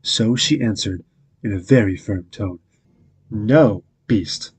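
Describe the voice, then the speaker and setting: A man reading a fairy tale aloud as a calm, measured bedtime story narrator. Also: lowish voice, slight background noise.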